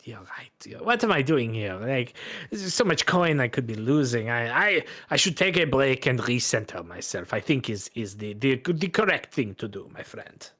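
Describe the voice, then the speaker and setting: A man's voice: mid-range voice, very animated, normal speed, a bit bright. A man voicing a hapless, overly polite foreign gambler with a put-on French accent who keeps apologizing. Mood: rueful. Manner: fussy, apologetic, sprinkled with French words.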